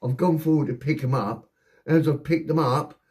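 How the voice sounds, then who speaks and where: A man telling a rambling, heavily sworn personal anecdote in a casual, animated way. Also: fairly high pitch, normal speed. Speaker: storyteller.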